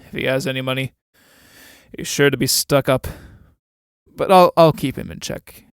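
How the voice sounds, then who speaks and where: A man reading the part of a sardonic aging army captain, dry and mocking, with a smooth, resonant voice on a dry close microphone. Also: medium pitch, fairly even intonation, normal speed, no echo, natural voice.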